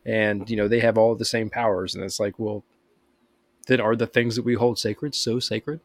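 A man's voice: on the low side, fairly even intonation, normal speed, dry recording. A man co-hosting a podcast in casual chat, rambling through explanations with many fillers. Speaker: podcast co-host.

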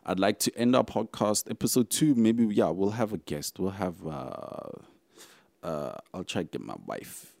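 A man's voice: lowish voice, a little slow, gravelly, no room sound. Young South African male podcast host, rambling casual delivery, dry close-mic sound. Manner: animated, rambling, talks straight to listeners. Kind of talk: casual solo podcast talk.

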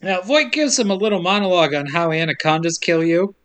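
A man's voice: high-pitched, lively intonation, fairly bright tone, smooth. A man co-hosting a podcast, recapping a movie in a joking casual way and laughing often. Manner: joking, laughs often, mimics characters in quick asides.

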